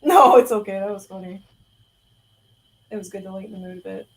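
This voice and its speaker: A woman's voice: medium pitch, brisk, rough recording. A young adult woman hosting a casual livestream chat, talkative, laughing often and swearing casually. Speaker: host.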